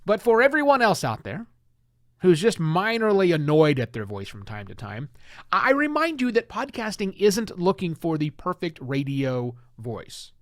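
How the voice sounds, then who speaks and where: A man hosting a solo podcast, talking in an animated, emphatic and conversational way. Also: high voice, normal speed, dry recording, clean studio sound. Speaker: podcast host.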